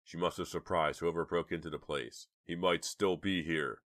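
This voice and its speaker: A man's voice: low-pitched, fairly even intonation, moderate pace, a bit bright. A narrator voicing a brave teenage boy. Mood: urgent.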